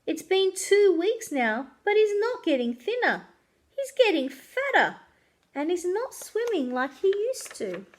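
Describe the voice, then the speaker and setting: A woman's voice: very high-pitched, a little slow. A woman reading a children's chapter book aloud as a librarian, telling it expressively and doing voices. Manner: expressive, animated storytelling with voices. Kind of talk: children's story read-aloud.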